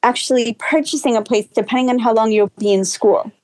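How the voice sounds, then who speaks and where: A woman with a higher-pitched voice speaks as a real estate guest on a podcast. She offers earnest, practical advice, often restarting with "you know". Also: fairly quick, darkish tone, rough recording. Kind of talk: casual interview chat.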